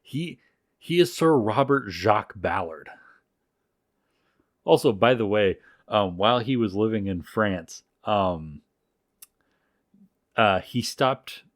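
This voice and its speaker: A man co-hosting a podcast, telling a story in casual, profane, animated talk. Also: on the low side, dry recording, studio quality. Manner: animated, profane, full of restarts.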